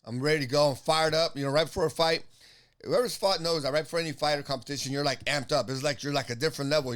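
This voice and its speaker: A man, telling a fight story in a casual, profane, animated way. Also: fairly high pitch, fast talker. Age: 50s. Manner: animated, profane, acts out both sides of an argument. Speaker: jiu-jitsu competitor telling a story.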